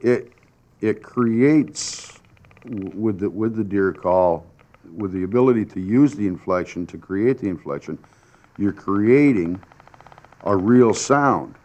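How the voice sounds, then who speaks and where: A man demonstrating a hunting call and explaining it, halting and stumbling over his words. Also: on the low side, darkish tone. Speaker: call maker expert.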